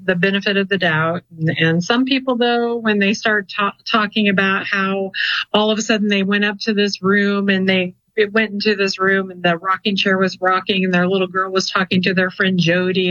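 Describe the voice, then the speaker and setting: A woman's voice: medium pitch, a bit bright, no room sound. Chatty woman with dull lo-fi sound. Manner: chatty and storytelling, with many fillers. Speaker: client coordinator of a ghost-hunting group. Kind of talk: casual interview chat.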